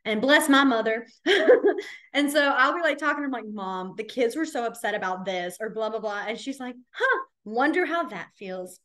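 A young woman teaching a sign language class, chatty and storytelling, with plenty of fillers and quick laughs. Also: fairly high pitch, a bit bright. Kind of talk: casual class teaching with stories. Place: library classroom.

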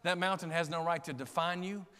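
A man preaching a sermon as pastor, passionate, moving between quiet conversational asides and shouted climaxes. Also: fairly high pitch, fairly even intonation, brisk. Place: large church sanctuary. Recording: long hall reverb in a church sanctuary.

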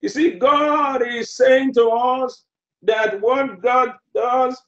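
Preacher, male, very high voice, slow deliberate sermon delivery, roomy muffled recording. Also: fairly even intonation, fairly bright tone. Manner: emphatic, repeats phrases for effect.

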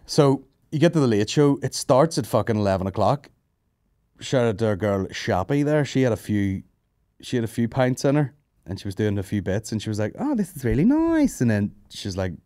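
A man's voice: lowish voice, brisk, a little mellow, dry recording, studio quality. Sweary man telling comedy stories. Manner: sweary, laughing, mimics other people's voices. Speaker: comedian podcast host. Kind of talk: casual storytelling chat.

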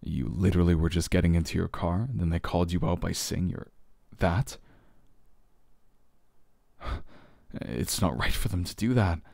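A deep-voiced man in a whispered role-play, playing a gentle boyfriend who soothes with slow, hesitant reassurance. His tone is mellow and dark, recorded close and dry with no room sound. He sighs softly and lets quiet laughs slip between his words. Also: vocal fry, no echo.

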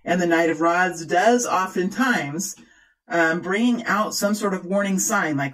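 A tarot card reader talking straight to viewers in a calm, measured way, thinking aloud with many restarts and repeated phrases. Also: mid-range voice, low-quality recording. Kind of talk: tarot reading monologue to viewers.

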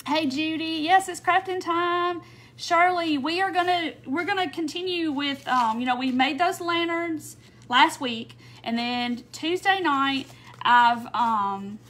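Woman with a high, bright voice, hosting a craft livestream; casual and chatty, greets everyone by name. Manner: chatty, warm welcomes, frequent little laughs and "um"s.

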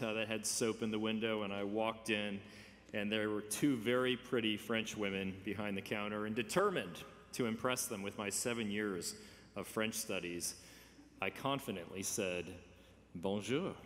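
A man in his fifties preaching a sermon, conversational with gentle humor and emphatic stresses. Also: on the low side, slight background noise. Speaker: pastor. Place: church sanctuary. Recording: reverberant church sanctuary.

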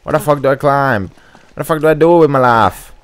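A man giving profane let's-play commentary as he plays, trash-talking enemies with loud outbursts. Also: medium pitch, brisk, clear, resonant tone, no echo. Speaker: gamer streamer.

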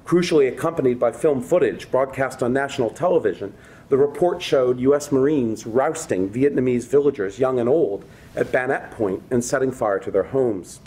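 A man's voice: mid-range voice, normal speed, dark tone. A man giving a university lecture, reading a prepared text and breaking off with conversational asides to the audience. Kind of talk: academic public lecture.

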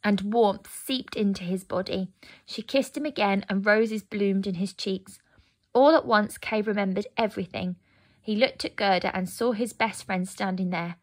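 A woman narrating a fairy tale aloud, gentle and expressive. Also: medium pitch, moderate pace. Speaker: storyteller. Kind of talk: storybook narration.

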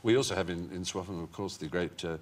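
In a TV studio before a live audience, a deep-voiced male guest on a chat show rapidly tells long, witty anecdotes sprinkled with playful asides.

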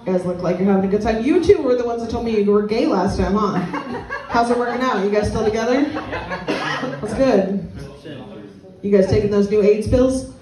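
A young woman performing a stand-up comedy set with crowd work, blunt and crude in a deadpan way. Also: medium pitch, moderate pace. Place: small comedy venue with a live audience. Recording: echoey room, mic at a distance, audience laughter. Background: crowd laughing.

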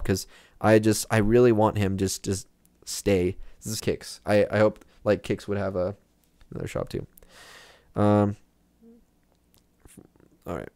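A man's voice: lowish voice, a little mellow, no room sound, studio quality. A young man giving casual, rambling commentary while playing a video game, chatty and full of fillers. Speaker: gaming streamer.

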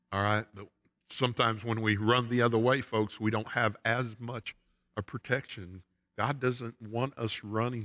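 A man's voice: fairly low pitch, a bit bright. A man with a Southern US accent preaching a sermon as pastor, emphatic, with rising and falling intensity. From United States. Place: church sanctuary. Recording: long church hall reverb.

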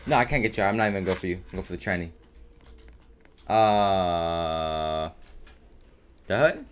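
A man narrating his own gameplay as it happens, swearing and trash-talking in an excitable way. His pitch swings widely from line to line, staying at a medium height. A faint hiss sits under his voice. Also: rapid-fire. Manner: excitable, profane trash talk. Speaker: gaming video creator. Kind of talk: live gameplay commentary.

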